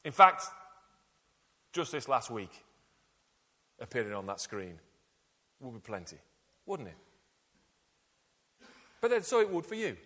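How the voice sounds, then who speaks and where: A man's voice: mid-range voice, huge pitch swings, measured pace, long pauses, bright, forceful tone, long reverb tail. A man preaching a sermon with dramatic emphasis and rhetorical questions.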